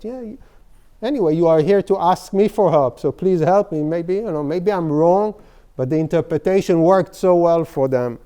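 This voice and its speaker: A man giving an informal workshop lecture on therapy, in halting, full of "you know" and restarts. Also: a little high, mellow, clean tone. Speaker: psychotherapy lecturer. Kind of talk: workshop lecture with case stories.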